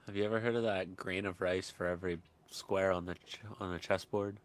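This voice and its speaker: A young male podcast co-host with a deep, low voice. He teases his friend with short, dry quips. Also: fairly even intonation, fairly quick. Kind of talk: casual chat.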